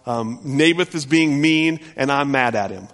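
A man's voice: medium pitch, measured pace, fairly bright tone, big-room sound, close to an everyday voice. A man voicing a petulant king who whines like a child. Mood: sulky. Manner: whiny, petulant. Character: sulky whining king, grown man throwing a fit.

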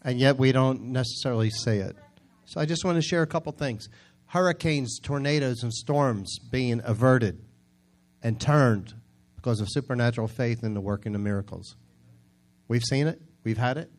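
New male pastor, casual storytelling sermon voice with loud emphatic bursts. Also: medium pitch, moderate pace. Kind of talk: conversational preaching.

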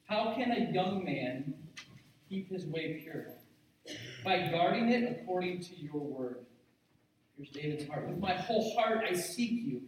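A man's voice: on the high side, expressive, a little slow, slight background noise. A man preaching a sermon as pastor, earnest and building to emphatic repetition. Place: church sanctuary. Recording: very echoey hall, mic at a distance.

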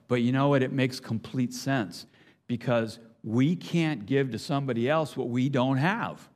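A man's voice: medium pitch, fairly quick. An older man giving a conversational, earnest sermon, with frequent restarts and asides. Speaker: preacher. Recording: long hall reverb.

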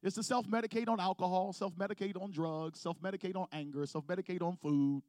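A man's voice: high-pitched, steady tone, fast talker, a little mellow, dry recording, clean studio sound. A male pastor preaching a sermon to his congregation, calling for responses and building intensity. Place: church sanctuary with congregation.

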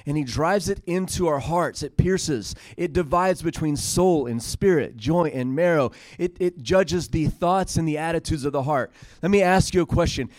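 A man's voice: fairly high pitch, darkish tone, dry recording. A man preaching a sermon, retelling scripture in casual paraphrase and building to emphatic peaks.

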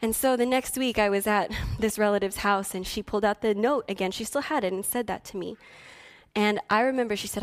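A woman's voice: a little high, fairly quick. A woman preaching a sermon, telling a personal story earnestly and building to impassioned declarations. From Philippines heritage. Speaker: pastor.

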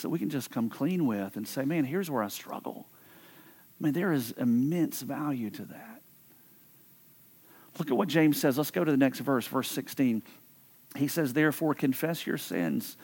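In a church, a male pastor with a slightly high voice preaches a sermon. His delivery is earnest and conversational, though he often stumbles and repeats words.

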